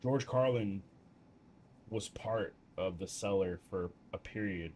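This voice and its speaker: A man's voice: on the low side, slow, a little mellow, slight background noise. A tired young man rambling profanely in a casual late-night monologue, full of fillers, restarts and coughs. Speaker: streamer.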